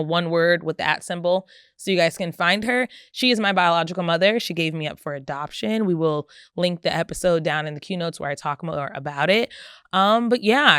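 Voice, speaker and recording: Chatty woman podcast host, smooth dry voice. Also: fairly low pitch, dry recording. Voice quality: loud voice. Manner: chatty, candid and emphatic. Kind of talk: casual solo podcast talk.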